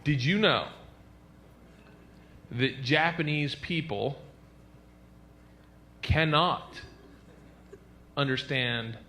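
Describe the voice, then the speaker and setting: A man doing a stand-up comedy routine, loud and animated, jumping into silly voices. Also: mid-range voice, very slow, long pauses, slight background noise.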